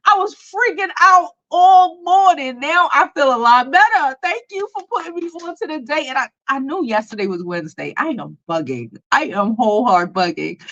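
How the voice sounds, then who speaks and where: Woman livestream host, animated gossip chat, slightly high voice, muffled webcam audio. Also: brisk, few pauses. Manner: chatty, animated, laughs a lot. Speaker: YouTube host. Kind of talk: casual celebrity gossip livestream. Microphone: webcam on a computer.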